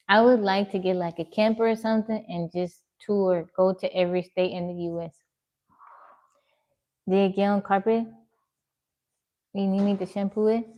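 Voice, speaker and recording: A woman's voice: mid-range voice, fairly even intonation, measured pace, pauses often, highs cut off. A woman livestreaming from her home, chatting casually and answering viewer comments one by one. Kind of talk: casual live-stream chat reading comments.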